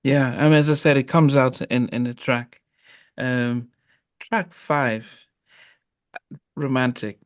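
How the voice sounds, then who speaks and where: Halting male interview host, dry sound. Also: medium pitch, fairly even intonation, clear, resonant tone, no echo. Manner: halting, with many restarts and soft affirmations. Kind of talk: casual interview chat.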